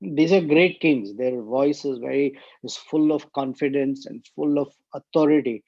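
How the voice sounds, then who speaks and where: A man's voice: medium pitch, unhurried, creaky, a little mellow, no echo, lo-fi sound. A man giving a scripture discourse, explaining each verse word by word with many hesitant fillers. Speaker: spiritual teacher.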